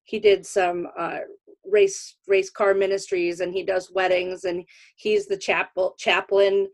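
A woman's voice: mid-range voice, measured pace. A woman who hosts a podcast and does comedy, chatting casually and telling stories with frequent laughter. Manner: lively storyteller, laughs often. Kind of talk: casual chat.

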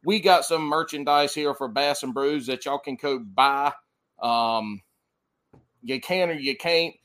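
A man's voice: mid-range voice, measured pace, a bit bright. A man with a Southern US accent hosting a podcast in loose, joking casual chat, swearing freely. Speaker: podcast host.

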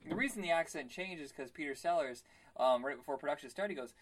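Man, podcast co-host: rambling, self-deprecating, full of ums, mid-pitched everyday voice. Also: fast, few pauses. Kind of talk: casual chat.

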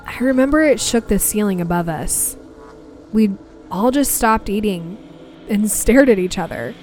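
A woman's voice: mid-range voice, darkish tone. Young woman telling a ghost story. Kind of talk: personal ghost story narration.

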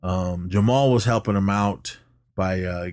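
A man co-hosting a podcast, recapping a film in a casual, animated way and often laughing while he talks. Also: a little slow, dry recording, studio quality. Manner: animated retelling, jumps up in pitch when quoting characters. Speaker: podcast co-host.

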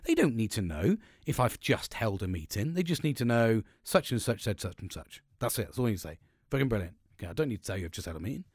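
Man, podcast host, blunt and sweary, rambling, lively rising and falling voice, dry close sound. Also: on the low side, quick pace, breathy edge, no room sound. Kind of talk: casual podcast monologue.

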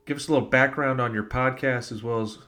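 Male podcast host, average pitch, jokey and mock-serious, casual chat. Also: fairly even intonation, fast, bright, forceful tone.

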